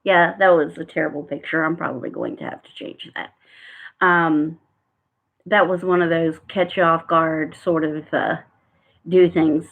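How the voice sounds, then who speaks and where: A woman's voice: deep voice, unhurried, vocal fry. A woman reading tarot cards in a casual live-stream chat, talking in a rambling way with frequent fillers. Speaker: tarot card reader. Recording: tinny phone-like sound.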